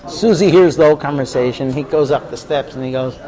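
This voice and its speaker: A man's voice: fairly high pitch, brisk, few pauses, mellow, low-quality recording. A man teaching an informal Torah class in a chatty, storytelling way. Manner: conversational, digressive, tells stories.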